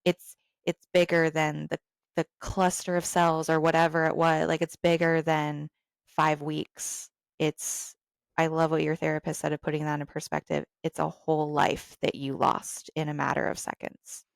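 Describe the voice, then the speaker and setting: A woman's voice: deep voice, flat delivery, moderate pace, gravelly, dry recording. A woman podcast host in empathetic conversation, reflective and thinking aloud as she asks questions.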